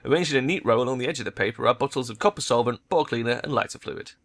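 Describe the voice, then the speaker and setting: A man hosting a let's play, reading the game's story text evenly. His voice is bright and forward, and he breaks into helpless laughter at the jokes. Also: mid-range voice, very fast. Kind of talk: reading game dialogue aloud.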